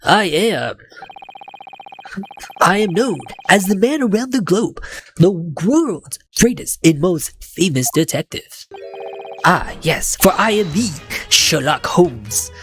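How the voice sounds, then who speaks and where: A woman voicing a grand, pompous male detective in a game, in a lowered, theatrical voice. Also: lively intonation, takes it slowly, faint music behind.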